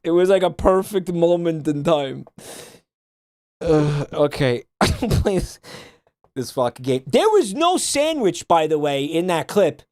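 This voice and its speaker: Animated, laughing male streamer. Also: on the high side, no room sound, studio quality. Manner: animated, laughs often, swears freely. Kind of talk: casual chat reacting to a game.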